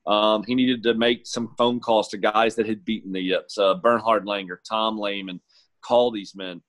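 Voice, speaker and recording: A man's voice: lowish voice, fairly even intonation, normal speed, a bit bright. A man who works as a golf caddie, telling his story in an interview in an earnest, heartfelt, reflective way.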